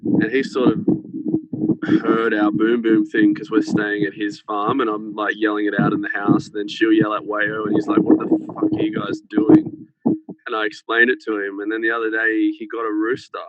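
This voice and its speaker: A man's voice: fairly low pitch, normal speed, lo-fi sound, slight background noise. Swearing man telling a rambling story. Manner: rambling, swearing, animated anecdote. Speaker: podcast guest. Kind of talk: casual storytelling. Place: farmhouse. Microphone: phone held close to head.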